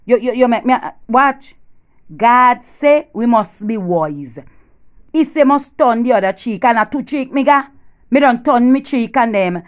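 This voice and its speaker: A Jamaican woman with a bright, somewhat high voice carries a comic one-sided phone call. She gossips with lively energy and swings from loud boasting down to hushed, conspiratorial whispers. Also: a little slow.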